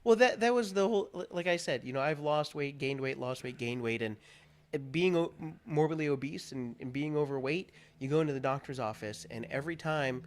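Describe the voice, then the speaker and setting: A man from Pennsylvania, a talk show guest, telling his personal story candidly and earnestly, and getting animated when moved. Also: a little high, a little fast.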